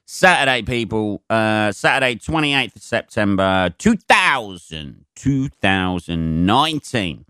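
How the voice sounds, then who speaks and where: Sweary, rambling man, low-pitched. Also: big pitch swings, slow pace, few pauses, sharp tone, clean tone, dry recording, clean studio sound. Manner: sweary, rambling, loose with fillers. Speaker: podcast host and stand-up comedian. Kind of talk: casual solo podcast chat.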